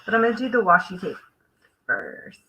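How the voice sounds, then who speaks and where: A woman's voice: mid-range voice, big pitch swings, normal speed, muffled recording, heavy background noise. A woman hosting a live crafting stream, chatting casually and thinking aloud as she works. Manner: chatty, thinks aloud while working, trails off. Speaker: craft livestream host.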